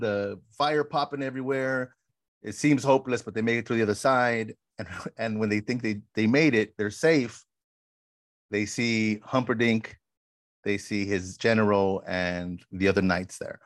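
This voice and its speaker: A man co-hosting a podcast, casually retelling film scenes with lively quoted lines and frequent "bro". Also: lowish voice, a little slow, dry recording, clean studio sound. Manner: animated storyteller, says "bro" often. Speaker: podcast co-host.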